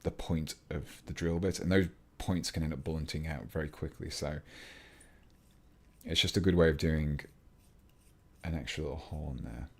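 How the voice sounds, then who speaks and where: An English man with a very low voice chats through a livestream at his workbench. He rambles easily as he works, breaking off to greet viewers and answer their comments. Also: normal speed, gravelly, pauses often. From England. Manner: chatty, rambling, reads chat aloud mid-task. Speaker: hobby livestream host. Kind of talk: casual livestream chat while building models.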